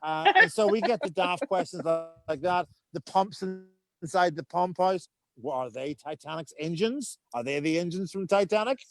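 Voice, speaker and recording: A man with a Belfast accent, working as a tour guide, telling anecdotes with deadpan sarcasm over a video call. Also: sits high, moderate pace. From Northern Ireland.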